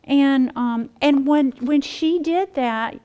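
A woman teaching the Bible to a group, folksy and animated, talking to them as y'all. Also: sits high, takes it slowly, muffled recording.

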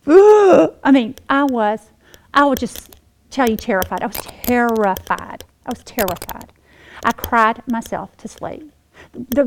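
A middle-aged woman giving a personal testimony during a Bible lesson, telling her story with emotion, dropping to a hush at times and rising to animated bursts at others. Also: on the high side, rough recording. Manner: emotional storytelling, swings between hushed and animated. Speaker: women's Bible teacher.

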